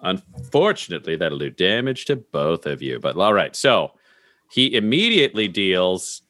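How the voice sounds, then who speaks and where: A man's voice: deep voice, big pitch swings, moderate pace, fairly bright tone, dry recording, studio quality. A man describing his character's actions as a player in a tabletop game, casual and profane.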